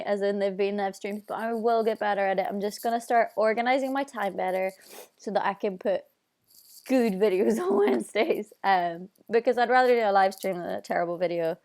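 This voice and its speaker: A young woman with a Northern Irish accent chatting casually on a live stream, bubbly and reading out viewer comments. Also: fairly high pitch. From Northern Ireland. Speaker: singer hosting a live stream.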